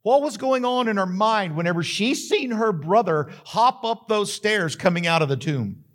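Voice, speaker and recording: A male pastor delivers a sermon, telling the story with dramatic pauses. His fairly high-pitched voice rises into emphatic questions to the congregation. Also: lively intonation, fairly bright tone.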